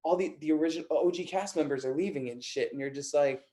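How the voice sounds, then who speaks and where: A man's voice: on the high side, quick pace, warm tone. A young man hosting a casual radio chat, earnest, filling his talk with "like" and "bro". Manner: earnest, says "like" and "bro" a lot. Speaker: radio show host.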